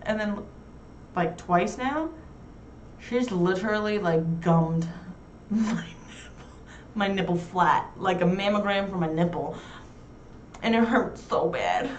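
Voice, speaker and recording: A woman's voice: medium pitch, takes it slowly, long pauses, dull audio, a little hiss or hum. A young woman hosting a casual talk show, chatting frankly with crude, self-mocking humor. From New York. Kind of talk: casual chat. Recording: roomy echo, heard from far off.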